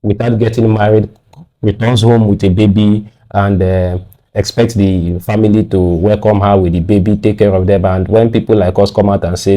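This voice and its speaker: A man's voice: on the low side, fairly even intonation, a little fast, dark tone. A man with a Nigerian accent, a guest on a radio talk show, arguing his views firmly and repeating words when pressed.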